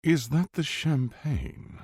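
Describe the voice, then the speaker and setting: A man's voice: a little high, expressive, slow pace, a little mellow, breathy edge, dry recording, studio quality, pitched above the performer's own voice, exaggerated voice. A man voicing an arrogant, condescending Englishman with a posh English accent. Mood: haughty. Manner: haughty, crooning, sneering.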